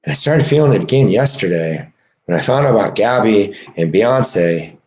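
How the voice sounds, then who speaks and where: A man delivering an emotional monologue, agitated and swearing, swinging from low mutters to shouting. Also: expressive, normal speed. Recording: echoey room.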